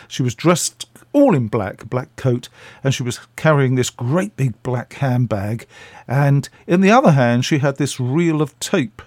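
Older guy telling stories on the radio, middle pitch, dead dry sound. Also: a little mellow, no room sound. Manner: chatty, self-deprecating, acts out voices. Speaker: radio guest. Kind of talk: anecdotal storytelling.

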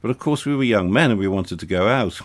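An older retired air force officer recalls his early years in an interview. His voice is very low and dry in tone, and his telling is anecdotal and gently wry. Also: animated, quick pace, dry recording. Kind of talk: reminiscing in conversation.

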